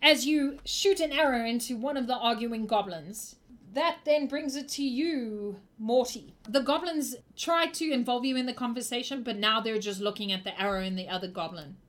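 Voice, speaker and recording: Young woman, game master, fairly high voice, teasing narration. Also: normal speed, a bit bright.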